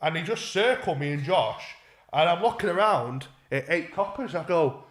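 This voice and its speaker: A man's voice: a little high, lively intonation, normal speed, echoey room. A man co-hosting a podcast, telling a rambling, sweary story in casual chat and acting out what people said. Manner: sweary, rambling, acts out quoted voices. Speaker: podcast co-host.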